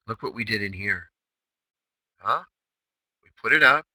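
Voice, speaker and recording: A man's voice: lowish voice, lively intonation, a little slow, bright, forceful tone, dry recording, rough recording. A man hosting a day-trading chatroom recap, talking brashly and emphatically with lots of rhetorical questions. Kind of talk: recorded trading session recap.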